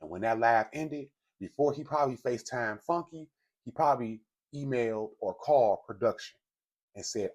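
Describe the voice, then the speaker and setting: A man's voice: mid-range voice, expressive, normal speed, darkish tone. A man telling a gossip story straight to his viewers, in a casual, blunt and profane way. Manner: speaks directly to viewers. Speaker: commentary host. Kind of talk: casual celebrity gossip commentary.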